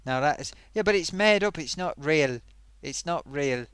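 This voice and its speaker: A man hosting a casual live stream, chatting away and reading out viewer comments. His voice sits a touch high and moves lively up and down. The sound is dry and close. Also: normal speed, clear, resonant tone, no room sound.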